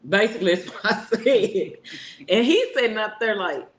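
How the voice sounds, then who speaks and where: A woman telling a story in casual chat, animated and slangy. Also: medium pitch, normal speed, roomy sound, slight background noise. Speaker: co-host.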